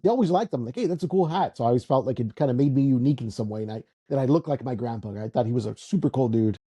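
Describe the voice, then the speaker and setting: A male podcast guest talks quickly and earnestly in casual conversation. His voice is dark and a little husky. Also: medium pitch.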